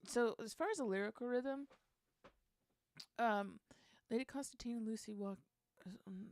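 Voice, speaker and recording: A woman's voice: fairly high pitch, normal speed, long pauses, a little mellow, no echo. A woman hosting a casual songwriting session, thinking aloud and trying out lyric lines under her breath.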